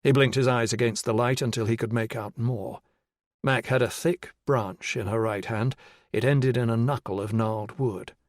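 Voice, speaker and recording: A man narrates a thriller audiobook at a middle pitch, measured and even. He sits close to the mic in a dry booth with no room sound. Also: no room sound. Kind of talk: scripted narration.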